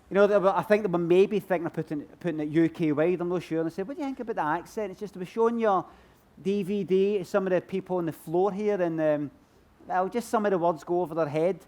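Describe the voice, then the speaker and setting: A Glaswegian comedian, appearing as a guest at a book festival, answers audience questions on stage in a rambling, self-mocking manner. His voice sits high and is mellow, and his delivery is brisk.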